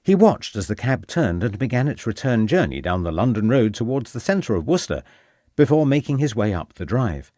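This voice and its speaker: A man narrating a detective novel audiobook in a measured, expressive way. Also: medium pitch, dry recording, clean studio sound. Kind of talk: scripted narration.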